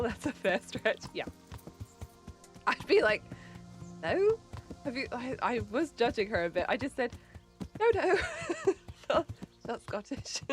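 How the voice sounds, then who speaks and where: A woman's voice: on the low side, a little hiss or hum. A woman with a light English accent, chatting casually on a livestream, laughing often and mumbling a bit. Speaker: streamer.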